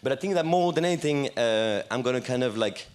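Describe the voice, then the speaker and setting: On a conference stage, a bar owner from France in his thirties talks casually and pokes fun at himself, with many fillers and restarts. He speaks briskly in a French-accented, mid-range voice with lively intonation.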